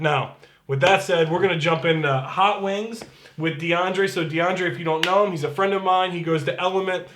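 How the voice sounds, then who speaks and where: A man's voice: fairly high pitch, a bit bright, reverberant, slight background noise. A man serving as pastor, giving casual church announcements in an upbeat, chatty way and reading scripture aloud.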